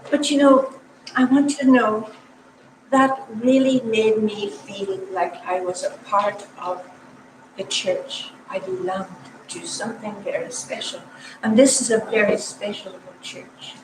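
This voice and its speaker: A woman's voice: medium pitch, unhurried. An older woman telling an emotional personal story at a church meeting. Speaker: parishioner. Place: church hall. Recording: echoey hall, mic from far off, noisy.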